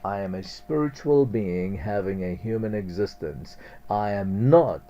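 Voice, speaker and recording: A man's voice: lowish voice, expressive, unhurried, dark tone, highs cut off, slight background noise. A man hosting a spiritual radio talk, reflective and chuckling often.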